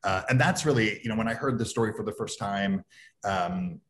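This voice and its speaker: A man hosting an event, giving casual spoken remarks that halt often with ums and uhs. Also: fairly low pitch. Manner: halting, many ums and uhs. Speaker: event host.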